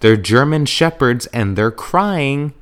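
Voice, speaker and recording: A young man hosting a podcast in a chatty, rambling way, jumping into high excited tones when he quotes himself. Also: slow pace. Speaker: podcast host. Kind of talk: casual chat.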